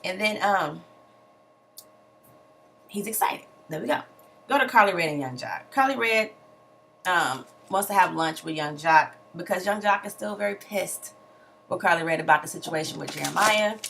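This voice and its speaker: A young woman tears through a reality show recap with sassy, slangy asides and mock outrage. Her low voice has a gravelly fry under a bright, forceful edge. A faint hiss of noise sits behind her. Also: lively intonation, moderate pace, long pauses. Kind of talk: casual recap commentary.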